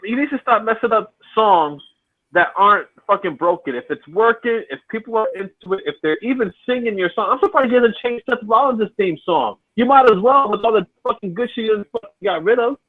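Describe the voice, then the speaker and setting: A man's voice: high voice, fairly quick. A man co-hosting a casual podcast by remote call, ranting and swearing freely. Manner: profane, ranting. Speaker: podcast co-host. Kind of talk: casual chat. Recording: tinny phone-like line, dry.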